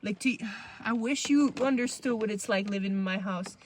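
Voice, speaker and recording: A woman hosting a podcast, telling a story from her childhood in a casual, animated, slangy and profane way. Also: mid-range voice, normal speed, a little hiss or hum. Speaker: podcast host.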